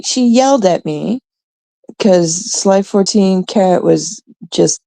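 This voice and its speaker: A woman's voice: medium pitch, gravelly, warm tone, no room sound. A woman hosting a casual livestream, ranting in a profane, sarcastic way and greeting viewers in chat. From Canada. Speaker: livestream host.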